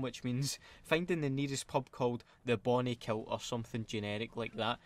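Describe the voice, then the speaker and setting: A young man with a Scottish accent, hosting a comedic vlog in a sardonic, self-mocking, profane way. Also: mid-range voice. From Scotland. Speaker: YouTuber.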